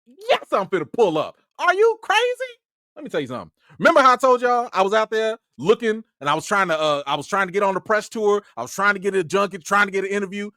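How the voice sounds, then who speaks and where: A man from Chicago, a film critic hosting his own channel, telling an excitable, slangy story on a livestream. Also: sits high, fast talker, no echo, studio quality.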